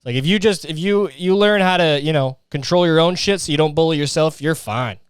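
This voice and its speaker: A man's voice: a little high, brisk, clear, resonant tone, no room sound, studio quality. A young man hosting a solo comedy podcast, ranting profanely and acting out voices while sweating in a heatwave. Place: his hot bedroom.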